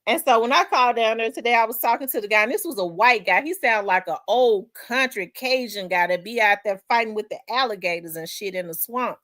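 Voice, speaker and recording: A woman with a Memphis Southern accent, hosting a livestream in casual chat, rambling and repeating herself and quick to laugh while she reads viewer comments. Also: fairly high pitch, fairly bright tone, no echo, clean studio sound. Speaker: livestream host.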